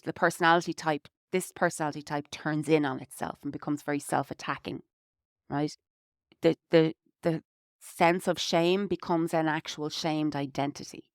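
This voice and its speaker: A woman's voice: sits low, vocal fry, clear, resonant tone, no room sound, clean studio sound. An Irish woman co-hosting a podcast, talking reflectively in casual conversation with lots of "you know"s. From Ireland. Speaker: podcast co-host.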